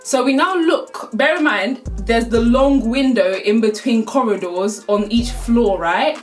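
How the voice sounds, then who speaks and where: A woman's voice: on the high side, measured pace, soft background music. A young woman telling a casual storytime, full of slang and swearing, with laughs through the telling. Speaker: vlogger.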